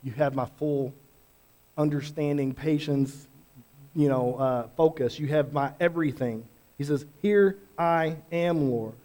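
A man preaching a sermon in a conversational, animated way, acting out quotes as he teaches. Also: mid-range voice, a little slow. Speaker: pastor.

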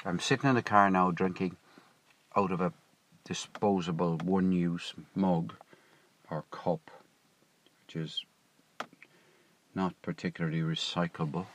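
A man with a somewhat low voice tells a meandering everyday story in a relaxed vlog. He talks to camera from inside a parked car, wandering off into side remarks and correcting his wording as he goes. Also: a little slow, long pauses, slight background noise. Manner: chatty, digressive, self-correcting. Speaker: vlogger. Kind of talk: casual rambling storytelling.

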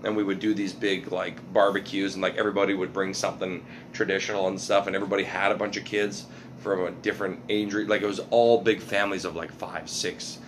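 A man's voice: low-pitched, flat delivery, quick pace, noisy background. A Canadian comedian, a man, chatting casually as a guest and rambling with lots of fillers and swearing. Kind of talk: casual podcast chat.

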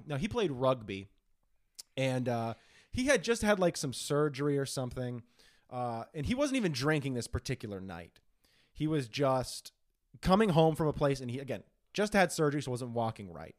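A man's voice: medium pitch, very animated, normal speed. A young man co-hosting a podcast, telling stories in casual chat, swearing a lot and mocking people in put-on voices. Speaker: podcast co-host.

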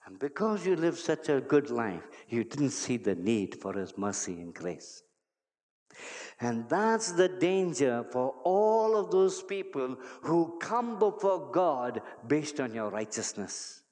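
A man's voice: mid-range voice, sing-song, slow, a little mellow. A male pastor preaching a sermon to his church, emphatic and repeating key phrases. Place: church hall. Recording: long reverb of a large hall.

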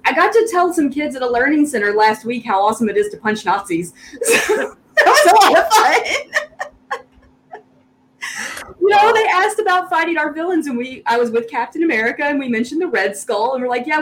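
A woman's voice: high voice, animated, normal speed, a bit bright, rough recording. A woman with a Southern US accent in casual podcast chat, talking eagerly and laughing often. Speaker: podcast co-host.

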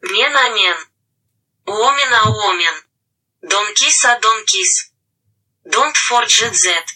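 A woman's voice: mid-range voice, distant mic, full character voice, rough recording. A woman doing a smug mock-Russian strongman. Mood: stern. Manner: slow, clipped deadpan with dropped articles. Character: boastful macho Russian strongman, grown man, smug. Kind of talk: comedy sketch role-play.

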